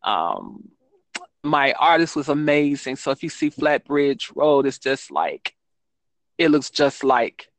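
A woman's voice: very deep voice, very animated, slow pace, no room sound. A woman author talking casually in an interview, rambling with frequent ums and self-corrections. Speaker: children's book author, guest.

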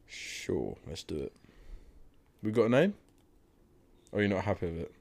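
A young man co-hosting a casual podcast in a relaxed, teasing way. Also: low voice, moderate pace, vocal fry. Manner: laid-back, teasing. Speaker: podcast co-host. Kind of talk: casual chat.

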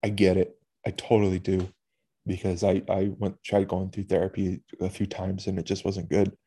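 Emotional low-voiced man, halting and candid. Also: flat delivery, dark tone, breathy edge. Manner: halting, candid, swears casually. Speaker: podcast host. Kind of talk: personal reflective monologue.

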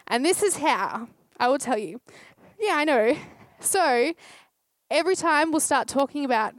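A woman's voice: high voice, normal speed, no room sound. A woman giving a short sermon, telling a heartfelt story with quoted dialogue.

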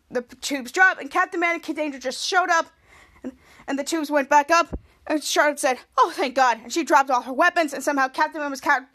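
High-voiced excitable woman podcast host. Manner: excitable, repetitive, frequent self-corrections. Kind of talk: casual episode recap.

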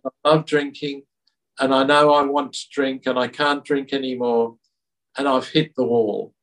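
A man being interviewed, talking in an earnest, reflective way with halting restarts. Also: medium pitch, flat delivery, distant mic, low-quality recording. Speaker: interview guest. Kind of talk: reflective conversational storytelling.

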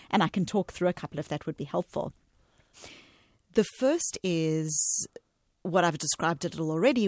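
A lower-pitched woman explains her ideas to an interviewer. She speaks articulately and with emphasis, and the recording is dry and close. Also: a little mellow, no room sound. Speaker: author and psychologist guest.

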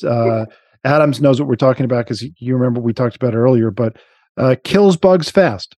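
A man chats casually on a podcast in a mellow, relaxed voice. He rambles and restarts his sentences often, and the recording is dry and close. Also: medium pitch, fast, dry recording. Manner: rambling, frequent restarts and fillers. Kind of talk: casual chat.

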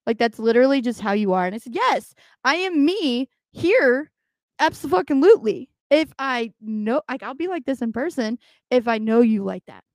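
A woman's voice: a little high, lively intonation, normal speed, no echo, clean studio sound. A young adult woman co-hosting a podcast in casual, blunt, profane chat, laughing often. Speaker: podcast co-host.

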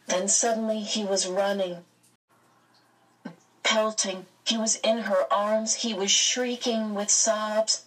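A woman narrating a storybook aloud in a slow, expressive reading. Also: mid-range voice, far from the mic, rough recording. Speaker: audiobook narrator.

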